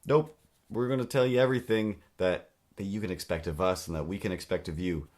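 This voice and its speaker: A man hosting a comedy podcast, ranting in an animated, exasperated way and slipping into little voices. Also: low voice, fast. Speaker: podcast host. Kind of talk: comedic monologue.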